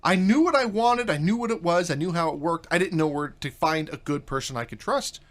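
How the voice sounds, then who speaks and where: A man hosting a talk show on business, energetic and joking, who pokes fun at himself and reads ads and phone numbers. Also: on the high side, brisk. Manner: energetic, joking, self-mocking.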